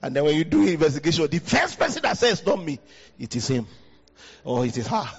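Male pastor, West African accent, husky and lively delivery, hall reverb on a dull recording. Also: brisk. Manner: animated preaching, jumps high in pitch for emphasis. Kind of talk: sermon. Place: church hall. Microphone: handheld mic.

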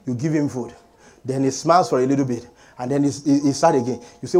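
A middle-aged man preaching a sermon as pastor, animated and calling for amens from the congregation. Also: mid-range voice, fast. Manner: animated preaching with call-and-response.

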